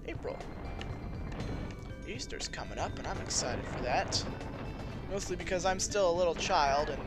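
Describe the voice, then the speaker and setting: A man giving casual, rambling, self-deprecating commentary while playing a video game. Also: high-pitched. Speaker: let's play host.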